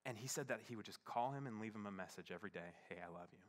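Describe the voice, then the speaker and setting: A young adult man, a pastor, telling a personal story in a sermon, halting and full of fillers, turning hushed as it grows tender. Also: on the low side. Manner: halting, many fillers, shifts from playful to hushed and tearful.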